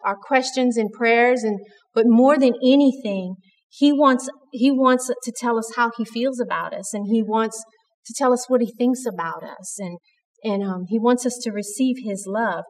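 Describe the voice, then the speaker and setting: High-voiced woman giving a devotional talk. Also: moderate pace, big-room sound. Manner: conversational and earnest, with many restarts. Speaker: church speaker.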